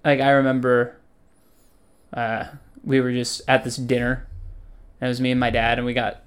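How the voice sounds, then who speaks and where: A man's voice: mid-range voice, completely flat delivery, moderate pace, smooth. A young man in casual banter with a friend. He rambles through his stories and teases along the way. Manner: rambling, teasing, swearing.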